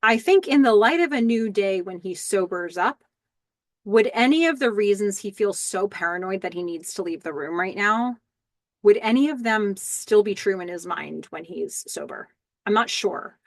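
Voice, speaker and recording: A woman hosting a rewatch podcast, narrating a TV episode scene by scene and quietly quoting its lines. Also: mid-range voice, expressive, normal speed, dry recording. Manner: describes scenes step by step, soft quoting of lines. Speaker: podcast host.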